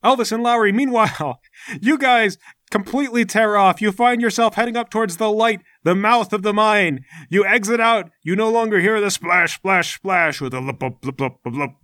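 A man narrating a tabletop game as game master, lively and full of spoken sound effects. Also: high-pitched, moderate pace, no room sound, studio quality.

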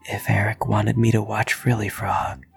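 A man plays a gloomy old toy who wants to be left alone. He talks softly and slowly, in a low, deflated voice, with faint music behind. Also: little pitch movement, vocal fry. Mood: mopey. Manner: quiet and mopey. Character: old one-eyed male toy, gloomy and reluctant.

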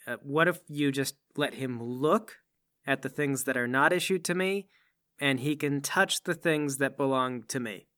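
A man at a tabletop game talks in a bright, forceful voice. He lays out schemes briskly and keeps the plan moving. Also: medium pitch. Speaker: player.

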